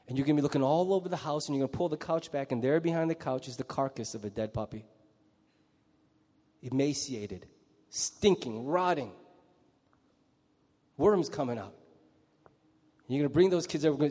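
A pastor preaching a sermon, animated and acting out the voices of kids and parents, then dropping low and quiet for grim images. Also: male voice, moderate pace, long pauses. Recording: long hall reverb.

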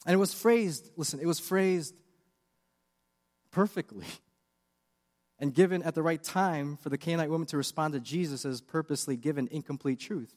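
A man's voice: fairly high pitch, normal speed, pauses often, a little mellow, in a large hall. A man preaching a sermon with earnest, confessional questions. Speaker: pastor.

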